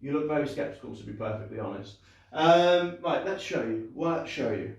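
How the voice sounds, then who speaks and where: In a very echoey indoor room, far from the mic, a young man hosts a live-streamed magic show for kids. His mid-range, gravelly voice moves quickly with lively intonation, and he stays cheerful and chatty, joking at his own expense with plenty of fillers and restarts.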